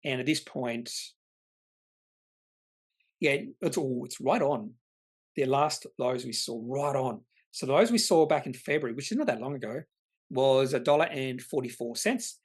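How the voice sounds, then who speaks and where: A man's voice: mid-range voice, animated, moderate pace, slightly rough. A man, hosting an investing channel and answering viewer comments in a rambling, opinionated way. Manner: rambling, opinionated, self-correcting.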